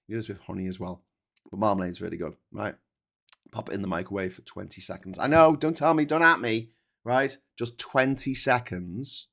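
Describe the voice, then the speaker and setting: A man's voice: deep voice, vocal fry. A man hosting a casual livestream chat, rambling and sweary, often tagging on "right?". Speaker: host.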